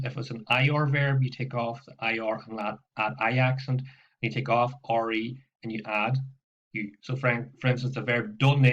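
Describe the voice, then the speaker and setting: This French teacher's recorded lesson comes through a laptop mic, so it sounds a little muffled and lo-fi. His steady, mid-range voice carries a patient walkthrough full of repetition and frequent "okay"s as he checks on his students.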